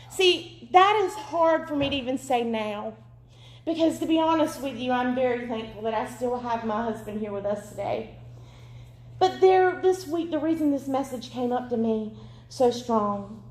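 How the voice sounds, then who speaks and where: A woman in her thirties gives an emotional, earnest sermon testimony. Her voice sits high. The sound carries the echo of a large room. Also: unhurried. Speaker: preacher. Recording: echoey room.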